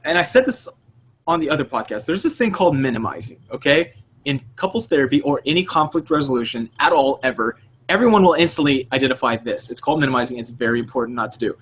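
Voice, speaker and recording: A man's voice: on the high side, fast, slightly rough. A man co-hosting a podcast in casual chat, swearing freely and acting out the voices he quotes. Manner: animated, profane, acts out quoted voices. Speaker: podcast co-host.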